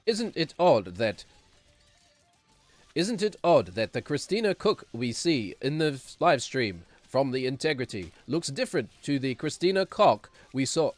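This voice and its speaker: A man mocking a nerdy computer-voiced narrator with a transatlantic accent, asking slow, pompous questions. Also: medium pitch, very animated, dry recording, faint music behind.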